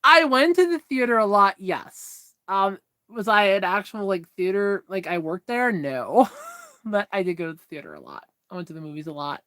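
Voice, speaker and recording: A woman vlogger telling stories in a casual chat, animated, swearing freely and laughing often. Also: mid-range voice, normal speed, dry recording.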